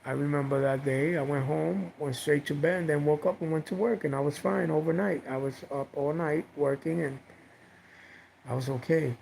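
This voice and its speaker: A man's voice: fairly high pitch, fairly even intonation, moderate pace, vocal fry, a little mellow, slight background noise, poor audio. A man casually telling a personal story on a livestream, rambling, repeating himself and swearing now and then.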